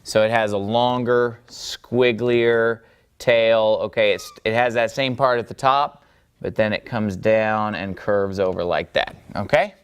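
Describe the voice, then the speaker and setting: Smooth-voiced man teaching patiently. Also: on the low side, normal speed. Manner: patient, checks in with "okay?" and "all right?". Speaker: Biblical Hebrew teacher. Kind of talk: step-by-step lesson at a board.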